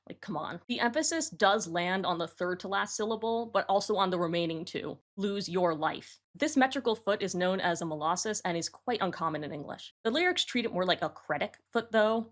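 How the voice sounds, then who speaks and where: A woman hosting her own channel, giving matter-of-fact, analytical commentary as she reworks song lyrics. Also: on the low side. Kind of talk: explanatory commentary to camera.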